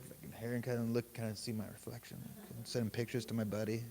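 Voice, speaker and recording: A man leading a meditation group, telling a story in a relaxed, casual way, swearing freely and laughing often. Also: mid-range voice, quick pace, hardly any pauses. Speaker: meditation teacher. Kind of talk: casual dharma talk.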